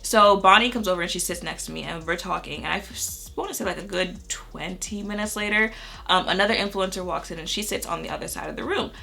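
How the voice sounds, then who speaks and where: Brief: young woman beauty vlogger, chatty storyteller, bright tone with a gravelly fry. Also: lowish voice, fast, faint music behind. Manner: chatty, heavy on fillers like "you know" and "like". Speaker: beauty YouTuber. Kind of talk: casual storytime vlog.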